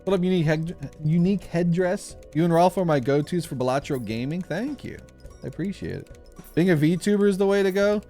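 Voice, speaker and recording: A man's voice: on the high side, brisk, dark tone, soft background music. A young man chatting casually on a live stream while gaming, rambling through a story with lots of fillers and restarts.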